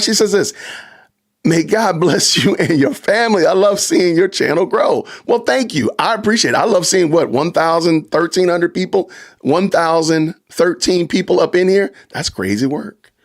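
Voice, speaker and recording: A man hosting a live stream in a relaxed, chatty manner, reading out viewer comments. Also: high-pitched, normal speed. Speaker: livestream host. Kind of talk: casual live chat.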